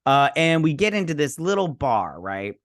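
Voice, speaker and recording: A man's voice: on the high side, sing-song, normal speed. A man hosting his own channel, giving a casual, rambling review and recap of a TV episode with frequent asides.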